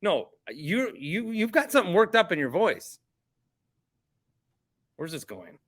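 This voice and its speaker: A man's voice: sits high, big pitch swings, unhurried, a bit bright. A man hosting a podcast, reacting in casual chat, exasperated and stammering as he repeats himself. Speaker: podcast host.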